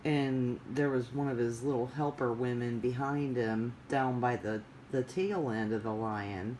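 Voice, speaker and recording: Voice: mid-range voice, fairly even intonation, unhurried, a little mellow, slight background noise, low-quality recording. A vlogger chatting casually in a rambling, digressive way with many fillers. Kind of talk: casual chat.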